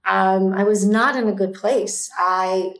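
A woman's voice: medium pitch, fairly even intonation, slow. A woman in her fifties, an entrepreneur guest, telling her story intensely and emphatically, repeating lines for force. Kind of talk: emotional personal storytelling. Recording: roomy echo with faint music.

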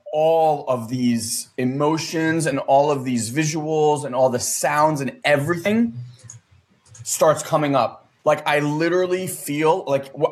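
Earnest rambling man telling a story. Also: on the high side. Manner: rambling, many fillers, earnest. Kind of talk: casual storytelling.

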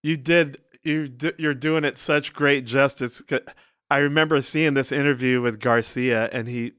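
A male podcast co-host chats with a guest, effusive in his praise and quick to laugh. His voice sits in a middle pitch. The sound is dry and close. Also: a bit bright, clean tone, dry recording. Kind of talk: casual podcast chat.

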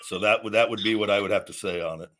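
A man's voice: on the low side, quick pace, sharp tone. A man hosting a call-in podcast, giving blunt, rambling fitness advice in a casual, teasing way. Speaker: podcast host.

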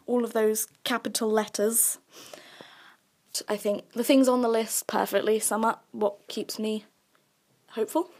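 A young woman hosting a solo podcast, chatty and self-mocking, dropping into soft asides. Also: on the high side, steady tone, unhurried, pauses often. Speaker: podcast host.

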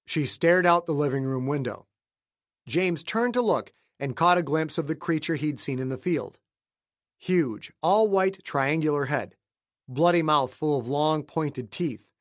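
A man's voice: a little high, expressive, unhurried. Man narrating a suspense story. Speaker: audiobook narrator. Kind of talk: scripted narration.

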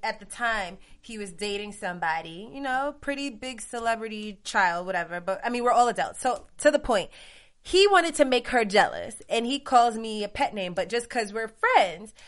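Woman co-host, casual chat, lively swooping pitch, emphatic. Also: moderate pace. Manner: animated, emphatic storytelling. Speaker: podcast co-host.

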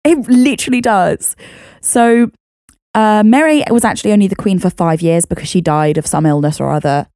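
A woman's voice: medium pitch, moderate pace, no room sound, clean studio sound. British woman chatting through history. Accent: British English. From Britain. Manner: chatty, laughing, lively asides. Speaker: podcast co-host. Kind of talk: casual history storytelling.

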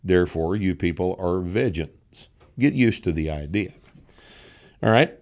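A man's voice: low-pitched, animated, unhurried. A male podcast host reading viewer comments aloud in casual chat, answering them with sarcastic, mocking remarks and crude jokes.

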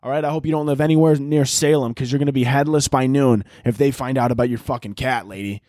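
A man's voice: mid-range voice, steady tone, fast, no room sound, studio quality. Rambling, crude-talking male podcast host. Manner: crude, rambling, jumps into loud shouted bits. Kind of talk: casual comedic monologue.

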